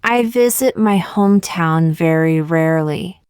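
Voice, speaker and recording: A woman reading short example sentences one by one for English learners, in a slow, deliberate, evenly paced way. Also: on the low side, darkish tone, clean tone, no room sound, studio quality. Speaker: English teacher.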